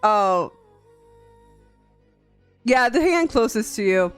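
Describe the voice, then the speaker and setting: A young woman streamer chats casually on a live stream, laughing often and swearing freely. Her fairly high voice swings up and down a lot. Faint music plays underneath. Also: very animated, takes it slowly, smooth.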